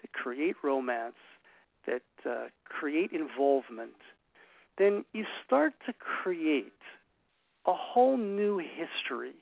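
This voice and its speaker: A middle-aged man speaks with emphatic earnestness and a lively, swooping delivery. His voice has a gravelly edge and sits a little high for a man. It comes through tinny and phone-like, as if over radio. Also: slow pace, no room sound. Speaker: relationship speaker. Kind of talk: talk to a group.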